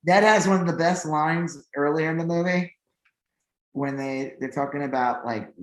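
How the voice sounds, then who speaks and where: On this podcast, a male co-host with a higher voice talks at a moderate pace, rambling in casual chat, leaning on fillers and livening up when excited. The room sounds echoey.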